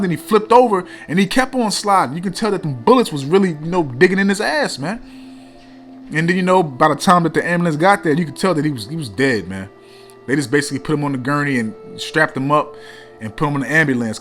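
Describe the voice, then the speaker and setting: Blunt, profane male street preacher, slightly high voice, faint music under. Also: a bit bright. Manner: blunt and profane, repeats "man" often. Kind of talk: street sermon, reading scripture.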